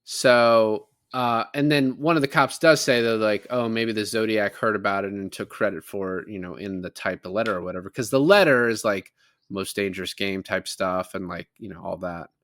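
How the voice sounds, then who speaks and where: A man's voice: lowish voice, normal speed, fairly bright tone, no echo, studio quality. A man co-hosting a podcast, casually recapping a film and quoting its lines in a rambling way. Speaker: podcast co-host. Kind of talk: casual movie recap chat.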